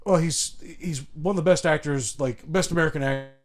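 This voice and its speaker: A man from Chicago with a fairly high voice rambles through a podcast over a remote call, swearing freely and circling back on himself. His talk is loose and full of restarts and asides. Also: a little fast. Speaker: podcast co-host. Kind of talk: casual chat.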